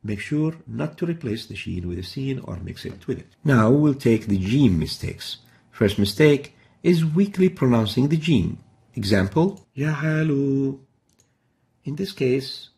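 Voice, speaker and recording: A man's voice: mid-range voice, animated, moderate pace, gravelly, warm tone. A middle-aged man teaching Quran recitation in a methodical lesson, repeating example words to demonstrate each sound. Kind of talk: instructional lesson.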